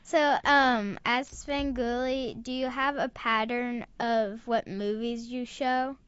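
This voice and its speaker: A woman's voice: a little high, steady tone, takes it slowly, a bit bright, clear, resonant tone, dry recording, highs cut off. A young female kids' film correspondent asking interview questions hesitantly, with frequent ums.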